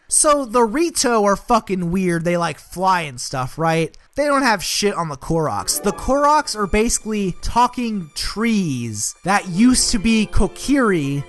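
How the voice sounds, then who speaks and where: A man's voice: sits high, lively intonation, moderate pace, faint music behind. A young man giving a comedic, sarcastic game recap, swearing constantly and full of filler words.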